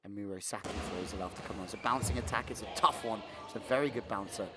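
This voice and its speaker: A man's voice: fairly low pitch, racing, over loud music. A man doing chatty live sports commentary, calling the play and joking with his co-commentator.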